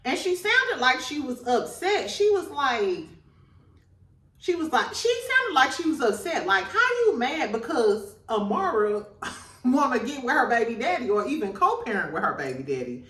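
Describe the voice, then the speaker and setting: A woman's voice: sing-song, unhurried, a bit bright, roomy sound, far from the mic. A woman hosting a reality TV recap in casual chat, laughing often and talking in slang and gossip. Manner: laughs a lot, gossipy, slangy, mimics people in high voices.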